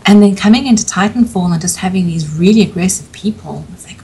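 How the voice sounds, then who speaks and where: A woman's voice: on the low side, fast talker, mellow, slight background noise, rough recording. A woman co-hosting a podcast, chatting candidly and openly in a casual way. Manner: chatty, candid, frequent laughter.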